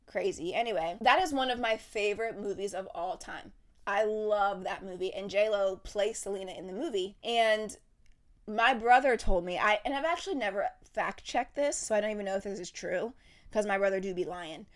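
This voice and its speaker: A woman's voice: mid-range voice, moderate pace. A young woman hosting a podcast, ranting in a heated, profane, casual monologue. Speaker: podcast host.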